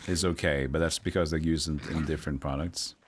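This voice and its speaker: A man's voice: extremely low pitch, fairly even intonation, brisk, slight background noise. A young man chatting casually while streaming a video game and reading chat aloud. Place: home streaming setup. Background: game music.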